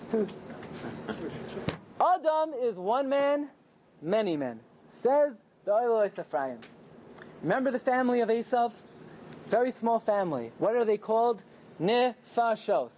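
Animated man teaching a Torah class. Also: very high-pitched, slight background noise. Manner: animated, questioning the audience and joking. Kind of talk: lively evening Torah class to a live group. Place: small room with a live audience.

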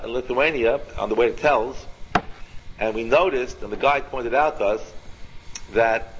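A man teaching an informal Torah class, animated and repetitive, firing questions at his students by name. His voice sits at a middle pitch. The recording is dull and lo-fi. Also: a little hiss or hum.

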